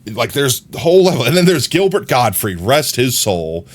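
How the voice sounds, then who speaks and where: A man's voice: mid-range voice, big pitch swings, moderate pace. A man live streaming from his own room, rambling casually and speaking straight to his chat.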